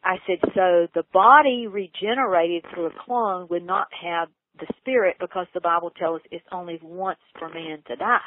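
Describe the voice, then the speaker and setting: A woman earnestly telling a personal story in an interview, her voice leaping high when she gets excited. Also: moderate pace, few pauses. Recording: tinny phone line, dry.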